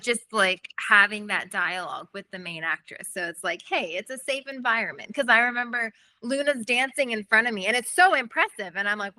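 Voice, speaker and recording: A bright-voiced woman talking casually about her acting work in an interview. She is chatty and laughs a lot, and she acts out her own thoughts in quick little voices. The recording is dry and close. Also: mid-range voice, no echo. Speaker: actress, interview guest.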